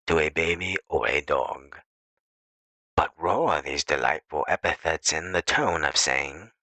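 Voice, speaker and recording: A man reading an essay aloud as an audiobook narrator, in a measured, deliberate way. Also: rumbling low, creaky, sharp tone, no echo, poor audio. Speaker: audiobook reader.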